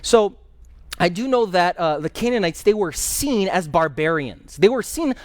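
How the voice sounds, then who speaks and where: Guy pastor running a bible study, lively storyteller, repeats himself, sometimes hunts for a word, dry close sound. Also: sits high, normal speed, dry recording. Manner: animated storytelling, repeats key phrases, sometimes searches for words. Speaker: pastor teaching a Bible class. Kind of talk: Bible study teaching with questions from the class.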